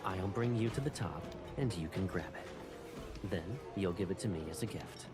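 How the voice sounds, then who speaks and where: A man voicing a devoted underworld lord in a game, talking in a calm, protective and measured way. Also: low-pitched, natural voice. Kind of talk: game voice acting. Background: game music.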